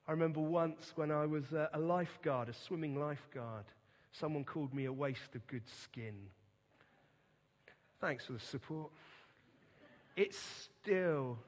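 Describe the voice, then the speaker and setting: Slow, emphatic preacher in a reverberant hall. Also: male voice, a little high. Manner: earnest, emphatic, slow and deliberate delivery. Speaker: pastor. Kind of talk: sermon. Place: church.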